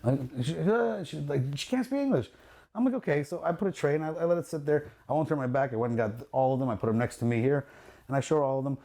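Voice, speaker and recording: A man, a luxury jewelry dealer, telling a story in a casual podcast chat, animated and profane, acting out the quotes and laughing as he goes. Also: fairly high pitch, fast talker. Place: his jewelry store.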